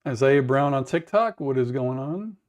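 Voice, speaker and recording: A man with a raspy voice, chatting in a rambling way to viewers on a livestream from home, humming to fill the wait. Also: mid-range voice, expressive, moderate pace. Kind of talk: casual livestream chat. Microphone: wearable mic.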